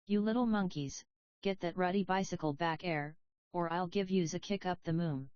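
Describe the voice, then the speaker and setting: A woman's voice: fairly low pitch, normal speed, a little mellow, smooth, no room sound, lo-fi sound, close to an everyday voice. A woman reading the part of a young woman who talks in a blunt, teasing way.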